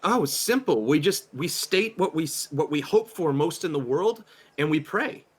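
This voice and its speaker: An excitable churchgoing woman, as a man puts her on during a tabletop game, gushes in a breathless, halting rush. The voice sits a little higher and brighter than a plain male speaking voice. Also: husky. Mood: effusive. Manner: breathless, effusive, hesitant with many fillers. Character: gushing, excitable female churchgoer friend.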